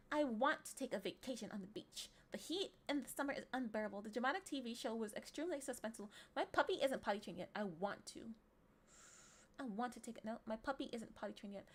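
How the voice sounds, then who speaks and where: Playful high-voiced woman streamer. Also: sing-song, moderate pace. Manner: playful and teasing, often breaking into giggles; reads options aloud, sometimes trailing into murmurs and whispers. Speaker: livestreamer. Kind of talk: casual livestream chat, reading quiz questions aloud.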